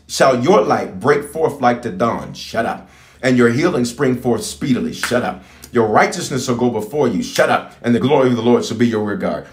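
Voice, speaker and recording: A man's voice: medium pitch, reverberant. A man preaching a livestreamed prayer sermon, repeating phrases and calling on listeners to say things back. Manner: animated, repetitive call-and-response preaching. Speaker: bishop preaching.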